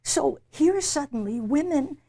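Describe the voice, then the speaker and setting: A woman's voice: high-pitched, animated, unhurried, creaky, dark tone. An older woman being interviewed, speaking emphatically and reflectively and often repeating words as she searches for a phrase. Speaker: interviewee, literature professor. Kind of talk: reflective conversation.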